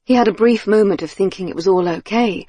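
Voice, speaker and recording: A woman narrates a suspense audiobook in a measured, tense way, her mid-pitched voice carrying a soft husk. The recording is close and completely dry, with no room sound at all. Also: breathy edge, no room sound. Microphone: close studio mic.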